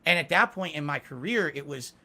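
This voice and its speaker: A man's voice: fairly high pitch, expressive, fairly quick, bright, forceful tone. A middle-aged man answering interview questions candidly, emphatic and self-critical about his past. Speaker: interview guest.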